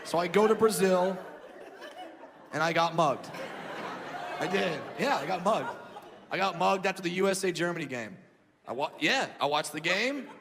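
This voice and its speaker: A man performing a stand-up comedy routine, loud and animated, shouting his punchlines. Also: sits high, normal speed, creaky, long pauses. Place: live comedy venue with audience. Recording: live hall with crowd and background noise.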